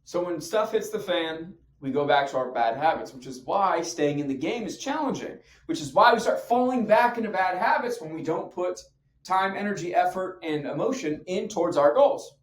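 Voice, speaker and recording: A man's voice: sits high, expressive, moderate pace. A man coaching on fitness habits in an emphatic, slangy, punchy motivational talk to camera. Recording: echoey room.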